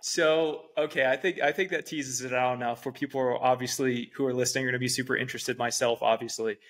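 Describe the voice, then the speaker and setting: A man's voice: medium pitch, steady tone, fast talker, a bit bright. A man hosting a podcast, asking polite, structured interview questions. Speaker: podcast host.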